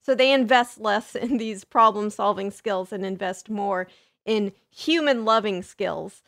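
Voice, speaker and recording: A woman's voice: medium pitch, a little slow, gravelly, a bit bright. A young woman hosting a podcast, chatting casually and self-deprecatingly with plenty of fillers as she answers listener questions. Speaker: podcast host.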